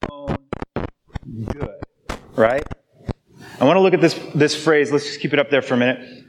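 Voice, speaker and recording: A man's voice: on the high side, heavy background noise. A man preaching a sermon to his congregation, with a conversational manner and constant check-ins like "okay?" and "right?". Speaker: pastor. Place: church sanctuary. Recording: live church hall with long reverb.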